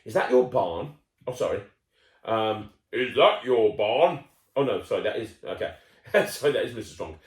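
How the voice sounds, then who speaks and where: A man's voice: on the low side, lively intonation, moderate pace, roomy sound. A man reading a children's picture book aloud, playful and chatty, breaking off to talk with the child listening. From United Kingdom. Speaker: children's storyteller.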